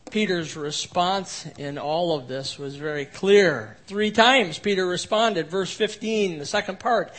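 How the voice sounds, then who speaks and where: Male pastor with a high voice, expository preaching, dynamic swings from emphatic to hushed. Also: measured pace, few pauses. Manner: swings between emphatic rises and quiet low passages. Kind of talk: expository sermon.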